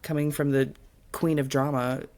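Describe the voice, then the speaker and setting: A young adult woman co-hosting a book podcast, chatting casually and acting out characters in quick quotes as she retells the story. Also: deep voice, flat delivery, a little mellow. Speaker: podcast co-host.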